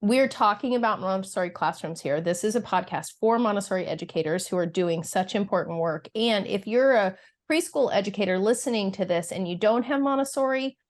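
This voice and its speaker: A woman with a mid-range voice hosting a podcast for educators. She talks conversationally and affirms her guest often. Her own points come across as clear and encouraging. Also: medium pitch, a little fast. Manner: warm, affirming, frequent listening sounds. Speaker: podcast host.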